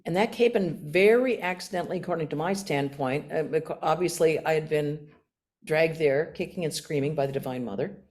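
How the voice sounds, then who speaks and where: Woman, 60s, American nun, animated storyteller, slightly low voice, self-mocking humor. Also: fairly quick. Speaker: guest speaker, nun. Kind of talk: storytelling talk with questions.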